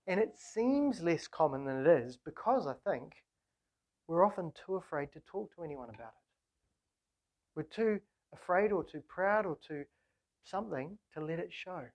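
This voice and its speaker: A woman's voice: lowish voice, a little mellow. A woman preaching a sermon, speaking earnestly with rhetorical questions and emphatic repetition. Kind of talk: sermon on a psalm.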